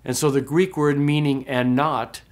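Man teaching with slow, drawn-out examples. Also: on the high side, steady tone. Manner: slow, drawn-out demonstration of pronunciations; explanatory, with frequent "okay?" checks. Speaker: Greek teacher. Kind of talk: recorded class lecture.

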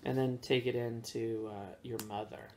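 A man casually reviewing snacks with his kids in a relaxed, chatty way, with plenty of fillers. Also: medium pitch, moderate pace, noisy background.

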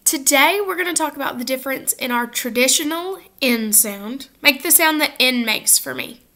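A woman's voice: sits high, moderate pace, pushed and bright. A woman teaching a first grade phonics lesson to children, upbeat and modeling sounds for them to repeat. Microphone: facing camera at close range.

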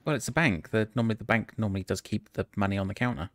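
A man's voice: on the low side, racing, no room sound. A man streaming a social deduction game with friends, joking and laughing a lot. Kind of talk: casual gaming chat.

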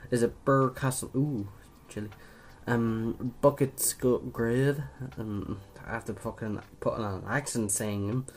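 A man's voice: fairly low pitch, fairly even intonation, a little slow, a little hiss or hum. A young man from Ireland doing casual quiz commentary, chatty, swearing casually and laughing at his own jokes. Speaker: video creator.

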